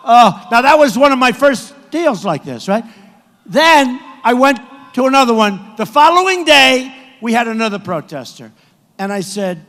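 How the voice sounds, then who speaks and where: High-voiced man shouting at a rally. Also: expressive, normal speed. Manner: repetitive, boastful, rising to shouts. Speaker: political candidate addressing supporters. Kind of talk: campaign rally speech. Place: large indoor arena. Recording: echoey arena sound from a PA.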